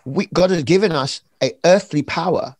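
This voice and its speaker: A man, an author talking about praise and faith in an emphatic, animated preaching way. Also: on the high side, normal speed, no echo. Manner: animated, emphatic, acts out little scenes. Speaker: author and preacher being interviewed. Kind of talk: conversational preaching.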